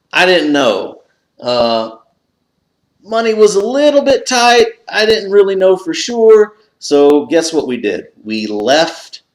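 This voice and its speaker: A man vlogging about a lucky find, telling the story with lots of excitement and leaping up in pitch when he relives his panic. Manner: excitable, jumps up high when retelling his own panic. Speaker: pipe collector vlogger. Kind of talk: animated storytelling to camera. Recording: echoey room.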